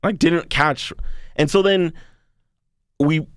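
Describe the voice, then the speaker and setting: A man's voice: fairly high pitch, takes it slowly, a bit bright, clean tone, no room sound, clean studio sound. Rambling young man telling a story. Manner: rambling storyteller, swears freely. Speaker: podcast co-host. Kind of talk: casual chat.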